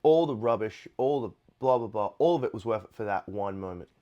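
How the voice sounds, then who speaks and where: A man's voice: lowish voice, a little fast, dull audio. Laid-back man telling a guitar story. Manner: relaxed, rambling, with frequent fillers. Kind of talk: casual storytelling to camera. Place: Nashville. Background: guitar playing.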